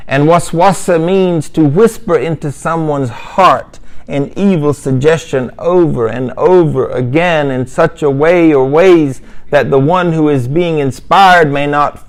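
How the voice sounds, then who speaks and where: Gravelly-voiced male Islamic lecturer. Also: on the high side. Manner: emphatic, repetitive, with storytelling asides. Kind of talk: religious lesson.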